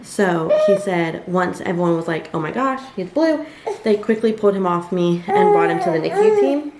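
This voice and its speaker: A woman's voice: medium pitch, lively intonation, normal speed. A young woman vlogger telling a personal story in a conversational way, with many fillers and quoted asides. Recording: echoey room with faint ambient noise.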